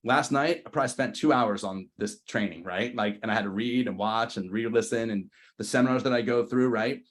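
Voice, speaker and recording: A man, in his thirties, giving a motivational sales training talk to his team, energetic and slangy, often asking the room questions. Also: fairly low pitch, fairly quick. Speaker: real estate team leader.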